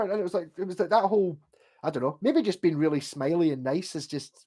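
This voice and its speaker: Here the same sort of speaker, a Scottish man in his forties hosting a livestream, meanders through stories with curses and unfinished sentences. His pitch is fairly high, his pace a little quick, his tone mellow.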